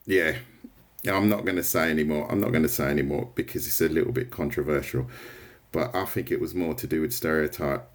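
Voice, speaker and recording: Chatty man, lowish voice. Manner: rambling, chatty, answers viewer comments. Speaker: artist livestreamer. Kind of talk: casual livestream chat while drawing.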